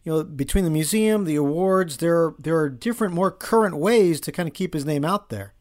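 A man hosting an interview, asking relaxed questions and chatting along with his guest. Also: fairly high pitch, brisk. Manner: chatty, laughs along, many fillers. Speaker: interview host. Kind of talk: casual interview.

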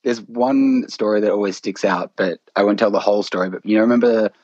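A man's voice: lowish voice, a little fast, a little mellow, muffled recording. A man, a podcast guest, telling a story in casual chat and laughing at himself as he goes. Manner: laughs through his own stories, self-mocking.

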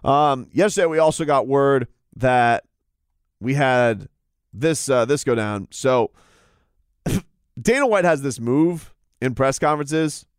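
A man's voice: mid-range voice, clear, resonant tone, no echo, studio quality. Rambling man talking fight sports. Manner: rambling, repetitive restarts. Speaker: combat sports commentator. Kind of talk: casual chat.

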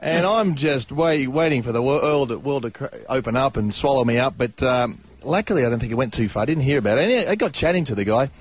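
A man's voice: medium pitch, animated, fast, few pauses. Rambling man telling a story. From Australia. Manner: rambling, self-correcting, chuckles as he tells it. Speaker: guest storyteller. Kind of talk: casual anecdote on talk radio.

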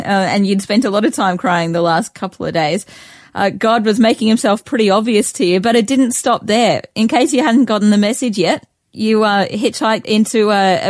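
A woman's voice: mid-range voice, dry recording. Dry-sounding woman interviewer. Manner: prompting, recapping the guest's story. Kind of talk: radio interview.

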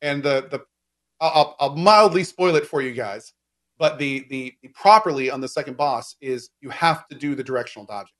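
A man's voice: mid-range voice, normal speed, fairly bright tone. A man in casual gaming chat, explaining game mechanics at length with lots of fillers and restarts. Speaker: game discussion co-host.

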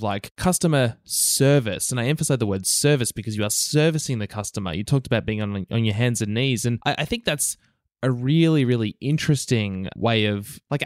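A man's voice: mid-range voice, no echo, clean studio sound. A man hosting an interview, asking long, winding questions with casual fillers. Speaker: podcast host.

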